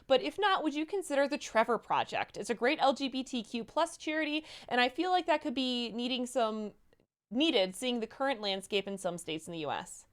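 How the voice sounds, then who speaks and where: A woman's voice: on the high side, lively intonation. A woman co-hosting a casual livestream, reading viewer messages aloud and chatting with a laugh. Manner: reads donor messages aloud with quick laughs.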